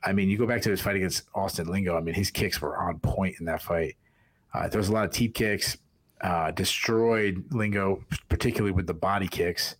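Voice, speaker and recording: A man's voice: deep voice, steady tone, a little fast. Rambling Boston man breaking down fights. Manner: rambling, many restarts and fillers. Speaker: podcast co-host. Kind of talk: casual fight analysis chat.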